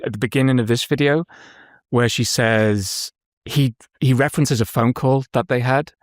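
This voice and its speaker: A man's voice: mid-range voice, moderate pace, no room sound, studio quality. A man co-hosting a reaction show, casually thinking aloud with small hesitations. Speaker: co-host. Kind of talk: casual chat.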